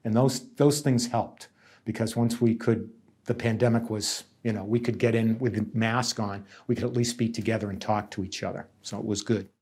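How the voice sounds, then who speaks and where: A man's voice: on the low side, steady tone, normal speed, darkish tone, breathy edge. A middle-aged man, a union negotiator giving earnest, emphatic interview testimony and often repeating words.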